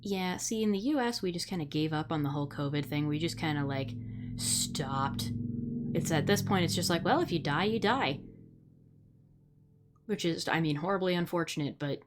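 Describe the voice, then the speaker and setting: A young woman from the Midwest, hosting a live stream in casual chat, blunt and sarcastic, swearing freely. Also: low-pitched. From Midwest United States. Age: young adult. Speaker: streamer host.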